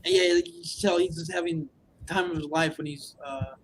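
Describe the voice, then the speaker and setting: Brief: male podcast co-host, notably high voice, easygoing, quick to laugh. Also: noisy background. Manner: laughs easily, quotes scenes. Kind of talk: casual chat.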